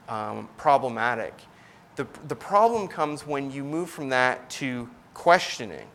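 A man's voice: mid-range voice, a bit bright, slight background noise. A man, likely in his thirties, preaching in a casual, conversational way, with frequent fillers and restarts as he explains a point. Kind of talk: casual sermon teaching.

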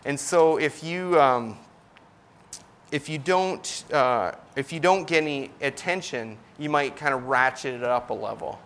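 A man's voice: mid-range voice, a little slow, a bit bright. A man, likely in his thirties, preaching in a casual, conversational way, with frequent fillers and restarts as he explains a point. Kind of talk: casual sermon teaching.

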